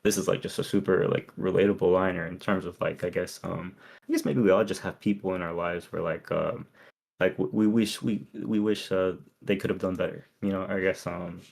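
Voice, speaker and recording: A man co-hosting a podcast, talking through song lyrics in a halting, filler-heavy way. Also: deep voice, steady tone, vocal fry, darkish tone. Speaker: podcast co-host. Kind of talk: casual chat, reading lyrics and chat comments.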